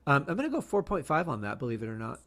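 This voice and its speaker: A man's voice: medium pitch, huge pitch swings, very fast, a bit bright. Easygoing male podcast co-host. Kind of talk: casual chat.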